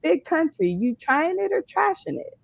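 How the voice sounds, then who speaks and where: A woman's voice: very high voice, very animated, normal speed, gravelly, dry recording, highs cut off. A woman hosting a comedy game show for dads, teasing the panel with a playful manner. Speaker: host.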